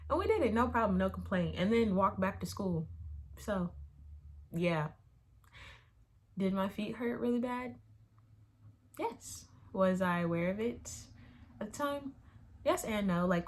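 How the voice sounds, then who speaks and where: Answering viewer questions on her YouTube vlog, a young woman speaks in an unhurried, mid-range voice with lively intonation and frequent pauses. Her casual chat wanders and is full of filler words.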